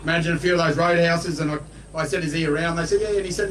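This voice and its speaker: A blunt Australian man speaks at an outdoor rally in a high voice, folksy and colloquial. He sounds distant from the microphone, his words carried over a public address system. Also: steady tone, racing, fairly bright tone, slight background noise. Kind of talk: rally speech. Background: crowd.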